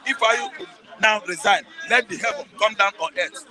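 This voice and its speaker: A man's voice: high-pitched, brisk, crowd noise, low-quality recording. A man with a Nigerian accent giving heated political commentary as a guest, emphatic and repetitive, pressing the listener with rhetorical questions.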